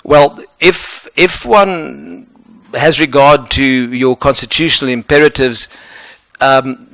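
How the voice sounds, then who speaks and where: A man with a South African accent answering questions as an advocate in a formal interview, earnest and measured. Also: medium pitch, a bit bright, dry recording.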